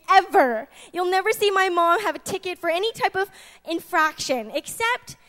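A woman in her twenties preaching a sermon, chatty and lively, moving from soft asides to loud, laughing bursts. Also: extremely high pitch. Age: 20s. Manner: chatty, with many restarts and fillers.

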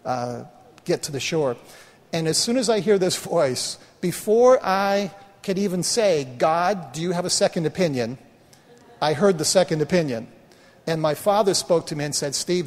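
A middle-aged pastor preaches a sermon in a large hall, his voice on the high side. His style is folksy and conversational, full of rhetorical questions and restarts.

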